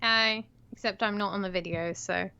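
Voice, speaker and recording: A woman's voice: mid-range voice, fairly even intonation, moderate pace, vocal fry, bright, forceful tone, clean tone. A young woman co-hosting a casual livestream who rambles with many fillers and giggles often, heard through slightly muffled call audio. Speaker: co-host.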